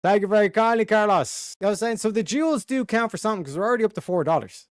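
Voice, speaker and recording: A man's voice: sits high, animated, very fast, dry recording, clean studio sound. A man hosting a casual livestream, reading out chat names and swearing freely. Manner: profane, drawling shout-outs to chat. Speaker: livestream host.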